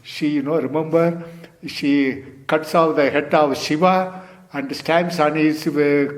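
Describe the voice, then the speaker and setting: An older man teaching as a Zen teacher in a dharma talk, speaking unhurried non-native English with simple grammar and frequent "you see" tags. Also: fairly high pitch, fairly even intonation.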